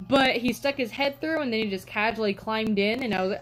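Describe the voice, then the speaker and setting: In a rough recording, a young woman with a slightly high voice talks fairly quickly on a live stream. She welcomes viewers and drifts through chatty stories studded with "like" and "um."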